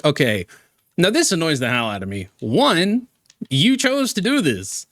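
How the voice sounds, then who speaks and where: A man's voice: fairly high pitch, very animated, a little slow, fairly bright tone, dry recording, studio quality. A man giving exasperated reaction commentary on a streamer, ranting with many restarts.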